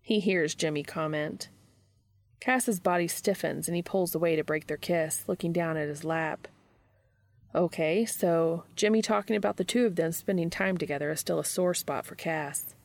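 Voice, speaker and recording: Gravelly low-voiced woman reading a story. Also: normal speed, no echo. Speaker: podcast host reading fan fiction aloud.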